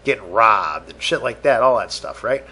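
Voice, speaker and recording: A man's voice: lowish voice, expressive, normal speed, pushed and bright, slightly rough. A man hosting a podcast, ranting profanely and exasperated, acting out both sides of imagined conversations. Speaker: podcast host. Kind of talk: solo rant podcast.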